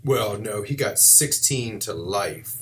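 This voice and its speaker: A man's voice: on the low side, lively intonation, slow pace, fairly bright tone, a little hiss or hum. A man with a Southern US accent co-hosting a podcast, in laid-back, wisecracking chat with some swearing. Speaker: podcast co-host. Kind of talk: casual chat.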